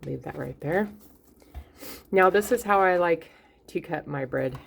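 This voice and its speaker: Woman, low gravelly voice, chatty home-baking host who talks straight to viewers. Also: unhurried. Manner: chatty, encouraging, addresses viewers directly. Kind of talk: casual cooking vlog talk.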